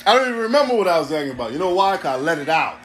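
A man's voice: on the high side, big pitch swings, rapid-fire, fairly bright tone, slight background noise. A man, hosting a podcast in a blunt, profane, streetwise ranting monologue. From New York City. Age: 40s. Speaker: podcast host.

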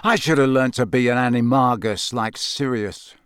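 A man's voice: mid-range voice, steady tone, normal speed, a bit bright, clear, resonant tone, dry recording, studio quality, close to an everyday voice. A man voicing a tired teenage boy who speaks wearily, in a storybook reading. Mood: weary. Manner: weary.

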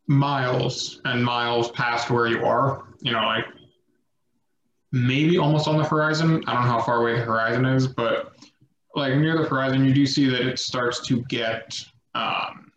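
A man narrating as game master in a relaxed, rambling way with many fillers. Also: mid-range voice, slight background noise. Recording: echoey lo-fi room recording.

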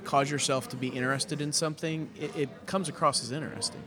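A man's voice: fairly high pitch, steady tone, fast talker. A man, a pastor co-hosting a podcast, chatting earnestly and laughing easily at a brewery. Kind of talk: casual chat. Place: brewery taproom. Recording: busy taproom crowd noise. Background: crowd chatter.

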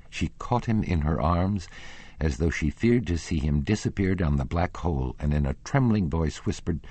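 A man with a very deep, husky voice narrates a classic novel. His storytelling is measured and expressive, and his pitch moves widely. The recording is dry and close to the mic. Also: dry recording. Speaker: audiobook narrator.

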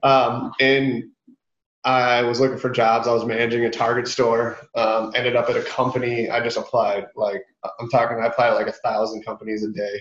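A man's voice: mid-range voice, normal speed, echoey room, muffled recording. A man in his thirties from Michigan, a sales guest telling stories in a casual podcast interview and acting out the quotes. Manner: animated storyteller, acts out quotes.

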